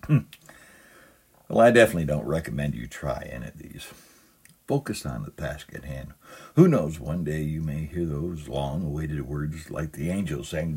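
Man, pastor, mellow dark tone, husky voice, sermon. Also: a bass voice, animated, normal speed. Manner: humorous storytelling, chuckles at own jokes. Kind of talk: sermon with a humorous reading.

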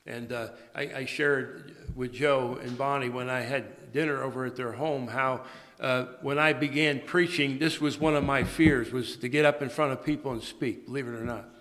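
A male pastor giving a morning sermon, speaking haltingly with many fillers and restarts. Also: mid-range voice, steady tone, fairly bright tone. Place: church sanctuary. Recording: long reverb of a large church.

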